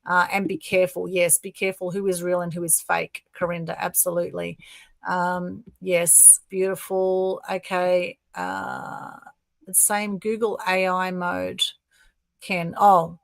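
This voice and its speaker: A woman's voice: on the low side, flat delivery, measured pace, creaky, no room sound. A woman with an Australian accent co-hosting a casual livestream talk show. She talks in a chatty, upbeat, promotional way over a video call. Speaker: co-host.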